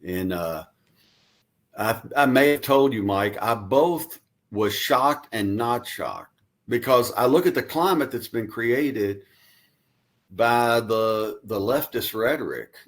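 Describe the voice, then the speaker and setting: A man's voice: medium pitch, expressive, slow. A man as the guest on a radio interview, earnestly explaining his views in long runs. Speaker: guest commentator.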